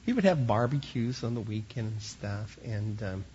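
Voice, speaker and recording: A man's voice: on the low side, expressive, normal speed, a little mellow, lo-fi sound, slight background noise. A man who teaches children at church, telling an earnest sermon-style story and often repeating words as he starts a line.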